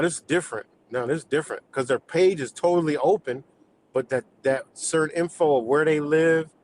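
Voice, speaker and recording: A man's voice: a little high, a little mellow, slight background noise, low-quality recording. A man ranting on a live stream in a rambling, profane, heated way, talking to his chat viewers.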